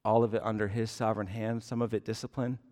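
A man in his thirties preaching a sermon as pastor, earnest and deliberate, with emphatic rises on key words. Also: on the low side, level tone, warm tone. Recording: long hall reverb.

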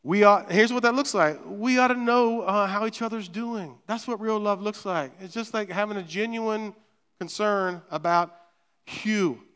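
High-voiced pastor preaching. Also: male voice, measured pace, a bit bright, clean tone, big-room sound. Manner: conversational, repeats words, frequent "right?". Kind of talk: sermon. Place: church sanctuary.

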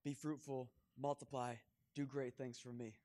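A man speaking as a gentle, proud God. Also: mid-range voice, level tone, moderate pace, voice pushed down, lightly acted. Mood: earnest. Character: God the father, calm and proud.

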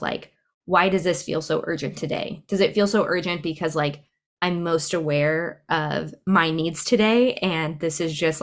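A woman speaking as a podcast guest, talking things through in a reflective, conversational way with frequent fillers. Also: low-pitched. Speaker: podcast guest, cycle syncing coach. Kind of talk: casual interview conversation.

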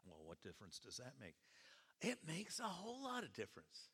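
A male pastor preaching a sermon, telling the story in an animated way and breaking into shouted quotes, in a church with long reverb. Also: medium pitch, brisk, slightly rough. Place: church sanctuary. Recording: long reverb of a large hall.

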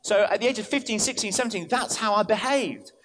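A man, a vicar, preaching an animated sermon in church, telling stories and switching in and out of quoted voices. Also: sits high, fast, noisy background.

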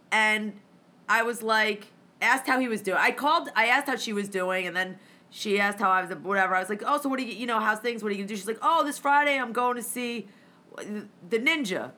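A woman telling a story in casual chat, swearing freely and acting out both sides of the conversations. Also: mid-range voice. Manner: profane, animated, acts out dialogue.

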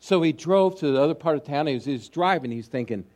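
Pastor telling a story in a sermon. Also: male voice, animated, fast, few pauses, a little mellow. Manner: storytelling with frequent fillers and restarts, voice dropping low.

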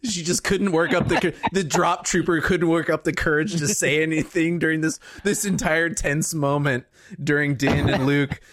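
A man's voice: fairly high pitch, steady tone, normal speed, fairly bright tone, no echo, clean studio sound. A man co-hosting a podcast in casual chat, joking, laughing often and acting out lines. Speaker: podcast co-host.

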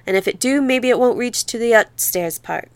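A woman voicing a worn-out young woman fleeing a flood, speaking softly in a rural Southern accent. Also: a little high, normal speed, clear, resonant tone, no room sound, natural voice. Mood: soothing. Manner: soft rural dialect, weary and reassuring.

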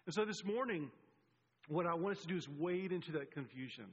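A man's voice: on the high side, animated, brisk. A middle-aged male pastor giving a sermon, conversational, repeating key points for emphasis. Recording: husky, muffled, long hall reverb.

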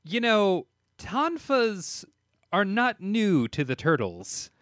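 A man co-hosting a casual podcast, chiming in with sarcastic, profane quips and animated rants. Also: high-pitched, slow pace, no room sound, studio quality. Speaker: podcast co-host. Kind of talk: casual chat.

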